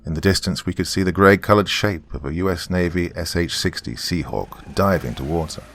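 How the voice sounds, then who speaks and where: Very deep-voiced man narrating horror. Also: slight background noise. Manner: grave, measured storytelling with shouted quoted lines. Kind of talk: dramatic first-person story narration.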